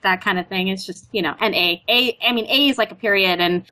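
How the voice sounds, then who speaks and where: A Canadian guest with a medium-pitched voice talks briskly in a casual chat. Chatty and animated, she sprinkles in "like" and "you know" constantly while acting out her own stories.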